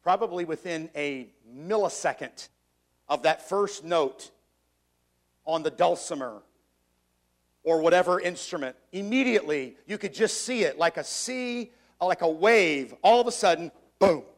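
A man preaching a sermon, reading scripture aloud in an old-fashioned cadence and slowing down to stress key words, often repeating words as he builds his point. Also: fairly high pitch, expressive. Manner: reads scripture in archaic cadence, slowing for emphasis.

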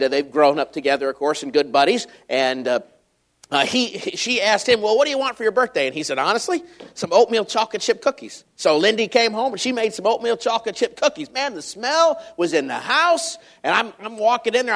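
A man's voice: high voice, creaky, fairly bright tone. A middle-aged man from Michigan, a visiting preacher giving a folksy, joking sermon and reading scripture aloud in a raised voice.

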